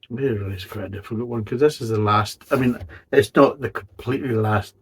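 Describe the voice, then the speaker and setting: A man hosting a beer review channel, rambling through his thoughts with blunt, sweary candour. His voice is husky and sits a little low. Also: a little fast. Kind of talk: casual review monologue.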